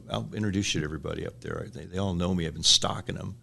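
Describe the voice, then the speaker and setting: Middle-aged midwest guy, deep gravelly voice, chatty, tells stories with little laughs. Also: fairly even intonation, rapid-fire, hardly any pauses, pushed and bright. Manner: rambling anecdotes with acted-out quotes and chuckles. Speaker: restaurant franchise owner, guest. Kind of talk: casual storytelling interview.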